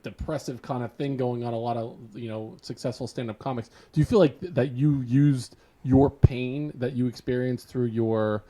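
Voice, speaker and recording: A male podcast host asking questions in casual chat, teasing with mock-grand praise and halting restarts. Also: mid-range voice, dark tone.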